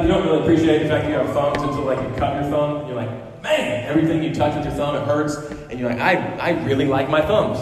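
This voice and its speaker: A man's voice: medium pitch, brisk, a little hiss or hum. Man, pastor, sermon, impassioned emphasis, casual asides, heavy hall reverb, distant mic. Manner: impassioned, rising to emphatic peaks; conversational asides with fillers. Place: church sanctuary. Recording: echoey hall recorded from far off.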